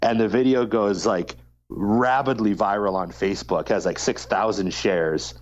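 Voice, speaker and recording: A man's voice: on the low side, a little slow, muffled recording. A man co-hosting a podcast, telling a long story in casual chat and swearing freely. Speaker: podcast co-host.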